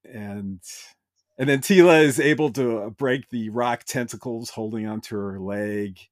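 A man's voice: mid-range voice, a little slow, no room sound. A man in the middle of his vocal range, recapping a show for a podcast. He tells it with eager enthusiasm, and the sound is dry and close. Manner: enthusiastic, retells scenes with brief quoted voices. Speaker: podcast host. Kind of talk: casual episode recap.

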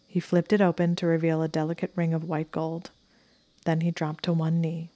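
A woman narrating romance fiction aloud in a soft, intimate, even storytelling manner. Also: low voice, moderate pace, dry recording. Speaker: audiobook narrator.

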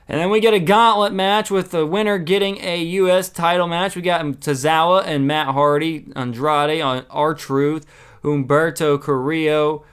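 A man's voice: fairly high pitch, a bit bright, clear, resonant tone. A man giving a casual, opinionated recap of a wrestling show, with exasperated asides.

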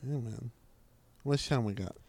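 A man co-hosting a podcast in a laid-back, low-key way, joking crudely and sounding sleepy. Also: normal speed, gravelly, darkish tone, breathy edge, dry recording. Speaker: podcast co-host. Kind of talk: crude casual banter.

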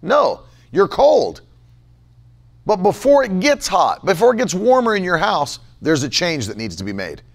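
Emphatic, lively male preacher with gravelly edge. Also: sits high. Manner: emphatic, repeats key phrases, slows for stress. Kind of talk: sermon.

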